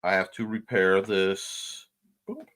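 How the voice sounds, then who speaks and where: Male stream host, chatty, animated, reads chat aloud. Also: on the high side, normal speed. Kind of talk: casual livestream chat, reading out comments.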